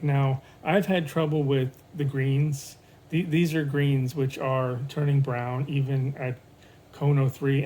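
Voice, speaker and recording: A man with a mellow, softly dark voice walks through his pottery tests in an easy, unhurried show-and-tell. He thinks out loud, trailing into ums and restarting his sentences, with a faint hum of noise underneath. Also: mid-range voice, rough recording. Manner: relaxed, thinks aloud with fillers and restarts.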